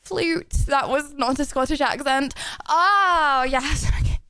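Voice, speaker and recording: A woman's voice: high voice, fairly even intonation, moderate pace, no echo, studio quality. A young woman streaming, chatting casually with lots of giggles and rambling fillers. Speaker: livestreamer.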